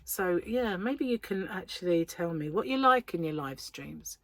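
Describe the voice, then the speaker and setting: An English woman with a lowish voice chats casually on her crochet vlog, her intonation lively and her speed normal. She rambles along with plenty of ums, her throat still a little sore. The recording has no room sound.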